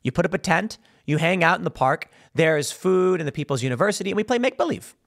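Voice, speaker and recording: A man hosting a political commentary show, talking in a fast, animated monologue and mimicking the people he mocks. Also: fairly high pitch. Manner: fast animated talk with mocking put-on voices for quoted people.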